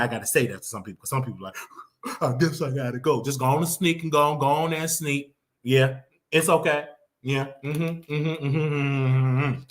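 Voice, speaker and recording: A man's voice: mid-range voice, fairly bright tone. Blunt rambling male gossip host. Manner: rambling, blunt, repeats himself. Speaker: show host. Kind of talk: casual gossip commentary.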